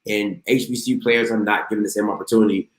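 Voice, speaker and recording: A man's voice: on the low side, fairly even intonation, fast talker. A man hosting a casual call-in show, talking in a laid-back drawl with frequent exclamations. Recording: roomy echo.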